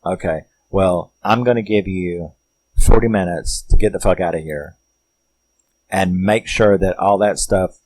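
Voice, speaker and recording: A man's voice: low-pitched, a little slow, darkish tone, no echo, rough recording. A man, rambling profanely through a casual film plot recap with many fillers. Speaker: film reviewer.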